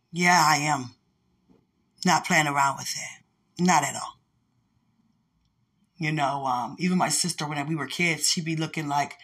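A woman's voice: low voice, unhurried, long pauses, a bit bright, slightly rough. A woman host giving a casual, heartfelt podcast monologue, candid and rambling, laughing often as she talks to a loved one. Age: adult with a son.

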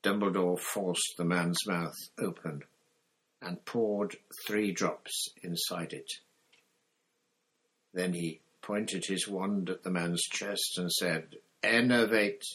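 A man narrating an audiobook in a measured, even reading style. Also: low-pitched, slightly rough. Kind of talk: scripted narration.

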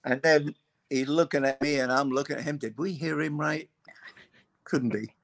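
An older man, a guest, telling long anecdotes in an unhurried, loose way, full of pauses and fillers. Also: fairly high pitch, fairly even intonation, gravelly, fairly bright tone, dry recording. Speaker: guest, former racing mechanic. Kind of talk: anecdotal storytelling.

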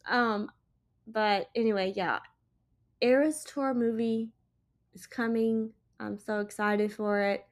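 A young woman who hosts a casual solo podcast and runs a small business chats in a rambling way, using lots of filler words. She sounds tired and yawns, speaking slowly in a slightly high voice with fairly even intonation.

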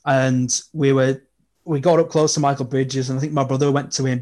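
Young man, casual podcast guest, animated storyteller. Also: medium pitch, fairly quick. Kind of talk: casual chat.

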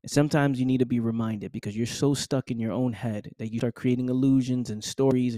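Mężczyzna, ciemny głos, motywacyjny monolog. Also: male voice, mid-range voice, dark tone, no room sound, studio quality. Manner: preachy, repetitive, addresses listener as "fam". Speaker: podcast host. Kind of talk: motivational monologue.

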